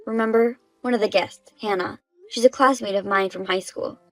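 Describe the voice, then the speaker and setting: A woman's voice: medium pitch, steady tone, normal speed, poor audio. A woman voicing the wronged wife in a dubbed story drama, speaking plainly and with indignation.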